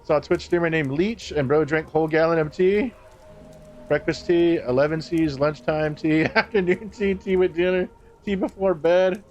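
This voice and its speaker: A man's voice: on the high side, fairly even intonation, moderate pace, highs cut off, slight background noise. A man streaming a game live, chatting casually, swearing and laughing as he banters with his chat. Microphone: streaming microphone.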